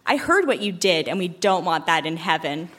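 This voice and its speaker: A woman's voice: lowish voice, expressive, moderate pace, a bit bright, a little hiss or hum, voice pushed down. A woman reading as a stern angel. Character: stern angel refusing entry to heaven.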